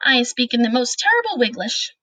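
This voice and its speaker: A woman reading aloud voices a big, kind male giant who jumbles his words and draws them out slowly. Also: fairly high pitch, very animated, sharp tone, no room sound, exaggerated voice, low-quality recording. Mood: wistful. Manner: jumbled made-up words and broken grammar, slow and drawn out.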